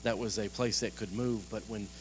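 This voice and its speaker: A man preaching a sermon in a lively, conversational way, joking and asking the congregation direct questions. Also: fairly low pitch, normal speed, slight background noise. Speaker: pastor.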